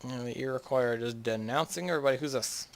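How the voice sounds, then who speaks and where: A man's voice: medium pitch, fast talker, slight background noise. A young man from the northeastern United States, rambling and chatty with many restarts as he narrates his game. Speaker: gamer. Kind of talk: casual game commentary.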